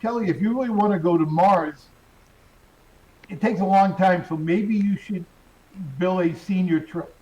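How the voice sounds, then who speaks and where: A man's voice: sits high, dark tone, lo-fi sound. A man co-hosting a casual live stream, throwing in wisecracks. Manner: wisecracking, quick interjections.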